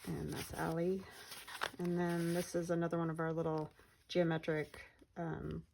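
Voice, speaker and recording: Woman, craft vlogger: low, creaky voice, casual and rambling delivery. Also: a little mellow, a little hiss or hum, poor audio. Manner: chatty, meandering, trails off mid-sentence. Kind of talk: casual journal flip-through narration.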